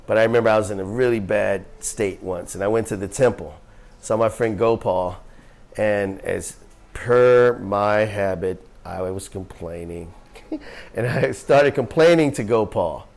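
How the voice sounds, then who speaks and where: A man's voice: on the low side, a little slow, gravelly, darkish tone. A man teaching a group about yoga scriptures in an earnest, emphatic way, often asking questions and laughing easily as he tells stories. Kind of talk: spiritual teaching talk to a group.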